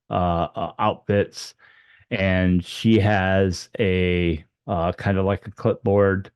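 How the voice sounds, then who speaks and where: A man's voice: a little mellow, smooth, dry recording, lo-fi sound. A man telling a personal story off the cuff, rambling with many fillers and restarts and acting out the quoted dialogue. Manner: acts out the dialogue with raised pitch for quoted lines. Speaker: storyteller recounting a near-death experience.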